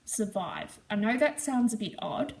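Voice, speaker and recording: An Australian woman hosting a knitting podcast, gushing in a casual, rambling way, her voice squeaky and hoarse from smoke. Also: very animated, measured pace, a little mellow. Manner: gushing, enthusiastic, rambling with ums. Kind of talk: casual show-and-tell chat.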